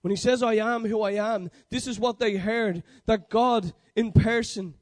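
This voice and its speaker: A man's voice: high-pitched, fairly even intonation, unhurried, darkish tone. A man preaching a sermon, building emphatic repeated declarations and often correcting himself mid-sentence. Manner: emphatic, repetitive declarations with frequent self-corrections.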